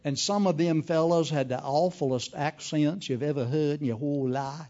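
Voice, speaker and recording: A man's voice: fairly high pitch, normal speed. A man preaching a humorous sermon as an evangelist, telling folksy stories with jokes. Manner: folksy, joking, animated storytelling. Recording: dull lo-fi recording.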